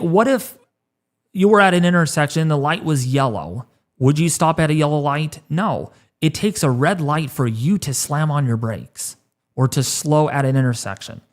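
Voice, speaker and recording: A man in his thirties hosting a weather livestream, choked up and halting, repeating words as he talks. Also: on the high side. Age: 30s. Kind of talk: emotional livestream talk.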